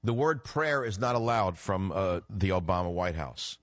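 A middle-aged man hosting a political talk radio show, combative and emphatic, swinging from low muttering to loud outbursts. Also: lively intonation, moderate pace, no echo, clean studio sound.

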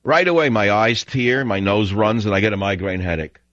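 Ranting with blunt scorn, a radio talk show host on a call-in program talks at a normal speed in a voice on the low side, slightly bright. The studio broadcast mic yields dull, dry broadcast sound.

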